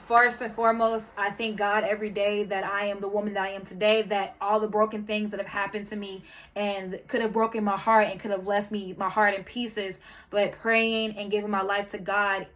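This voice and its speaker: A woman's voice: mid-range voice, fairly bright tone, poor audio. Earnest woman sharing a heartfelt monologue. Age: adult, married mother. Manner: earnest and heartfelt, with many fillers; encouraging, speaks straight to the listener. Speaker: podcast host. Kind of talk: candid personal monologue.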